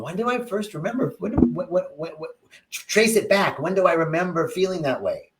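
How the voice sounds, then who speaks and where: A man giving a spiritual talk on a livestream, answering viewer comments in a reflective, animated storytelling way with big swings in tone. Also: high voice, fairly quick, a little hiss or hum. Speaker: spiritual teacher.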